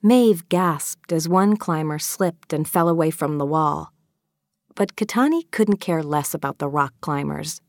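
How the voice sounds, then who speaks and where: A woman narrating a children's novel as an audiobook reader, in a steady, even storytelling manner. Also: deep voice, a little slow, no room sound, clean studio sound. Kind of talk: scripted narration.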